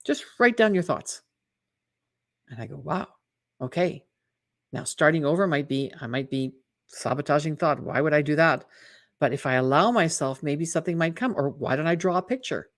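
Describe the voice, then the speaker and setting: Lady teaching a live webinar, lowish voice, chatty, keeps asking "right?". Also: brisk. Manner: lively, acts out imagined inner voices in quotes; chatty, asks the audience "right?". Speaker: mental fitness coach hosting a webinar.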